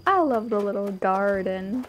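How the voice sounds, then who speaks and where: A woman's voice: mid-range voice, expressive, unhurried. A woman giving casual, gushing commentary while she tours a game island, easily delighted and chatty. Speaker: streamer touring a game island.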